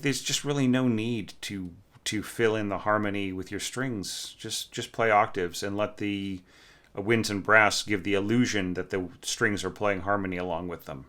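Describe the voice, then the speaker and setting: Bright-toned man humming through score critique. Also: on the low side. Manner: thinking aloud with fillers, humming melodies. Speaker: orchestration teacher reviewing scores. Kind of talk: casual spoken score critique.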